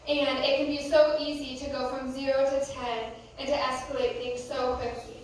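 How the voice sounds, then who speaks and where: Speaking at a normal pace with a flat delivery, a young American woman with a high-pitched voice gives a youth sermon as a youth pastor, loose and conversational with frequent fillers. The setting is a church youth room, recorded at a distance with echo and a little hiss or hum.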